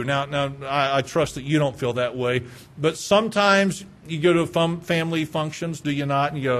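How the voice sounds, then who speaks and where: Man, pastor, sermon, high voice, earnest, pleading, rhetorical questions. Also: a bit bright. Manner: earnest, pleading, slows for emphasis; talks directly to congregation with rhetorical questions.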